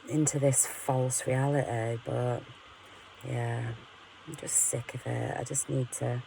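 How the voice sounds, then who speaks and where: A woman's voice: extremely low pitch, fairly even intonation, slow, gravelly, pauses often, noisy background. Sweary, rambling woman ranting to camera. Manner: frank, sweary, rambling, laughs at herself. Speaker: vlogger. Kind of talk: candid ranting monologue.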